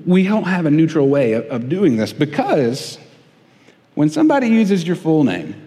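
A man preaching a sermon, conversational and emphatic, growing loud and indignant when quoting. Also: a little high, sing-song, normal speed, in a large hall. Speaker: pastor.

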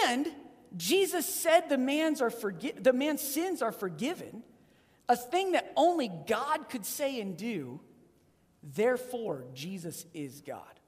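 A high-pitched preacher with a very lively, rising-and-falling delivery gives an animated sermon. The voice swings from loud emphasis to hushed, deep-set lines. A long reverb from a large hall hangs behind every word.

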